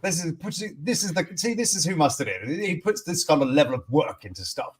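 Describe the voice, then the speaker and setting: A man's voice: fairly high pitch, animated, brisk, husky. A man hosting a casual news stream, rambling with many fillers and restarts. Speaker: host. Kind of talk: casual live-stream chat.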